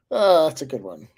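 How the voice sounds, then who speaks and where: Reading out viewer comments, a fortyish livestreamer rambles through his replies, chuckling and using fillers. His voice is fairly high, slightly rough and darkish in tone.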